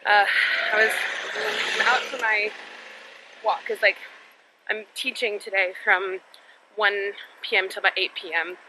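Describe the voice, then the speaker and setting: A woman's voice: medium pitch, steady tone, unhurried, long pauses, noisy background. A young woman chatting to her handheld camera while walking on residential streets, telling a frank, exasperated story in a casual vlog. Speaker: vlogger.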